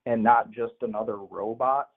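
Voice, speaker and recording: A man calling into a political show, arguing in a measured way and insisting on finishing his point. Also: mid-range voice, fairly even intonation, a crowd in the background. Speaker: caller. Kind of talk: heated live call-in argument. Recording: tinny phone line.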